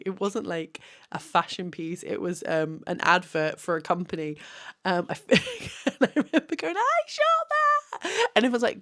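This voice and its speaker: A tired woman and photographer, talking candidly late at night, rambling with many restarts and laughs. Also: lowish voice.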